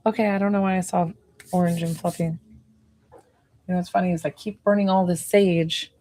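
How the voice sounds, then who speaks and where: A woman's voice: fairly low pitch, fairly even intonation, brisk, dark tone, no room sound, poor audio. A woman giving a casual spiritual reading as an animal communicator, chatting and thinking aloud to herself.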